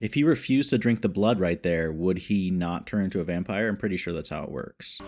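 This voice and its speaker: Excited man reacting with a low voice. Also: fairly quick, faint music behind. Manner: excited, thinking aloud. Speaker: reaction video host. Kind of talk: casual reaction commentary.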